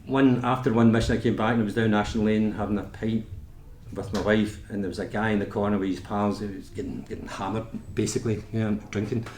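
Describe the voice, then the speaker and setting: A man's voice: on the low side, steady tone, fast, darkish tone. A man with a Scottish accent, a nurse giving an informal talk about his work, chatty and full of anecdotes and restarts. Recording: echoey meeting room, faint noise.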